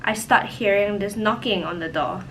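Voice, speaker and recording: A young woman telling a personal story in a casual, animated way, full of "like" fillers. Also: medium pitch, moderate pace, noisy background. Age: young adult. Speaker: vlogger. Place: home, indoors.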